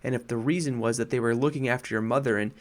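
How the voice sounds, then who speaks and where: A man's voice: medium pitch, fairly even intonation, fast, close to an everyday voice. A man voicing a miserable, wound-up young boy in a storybook reading, close to his own voice.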